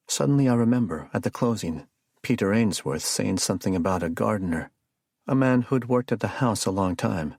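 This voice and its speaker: A man narrating a first-person suspense audiobook in a measured storytelling delivery. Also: fairly low pitch, creaky, a little mellow, husky, no room sound, studio quality.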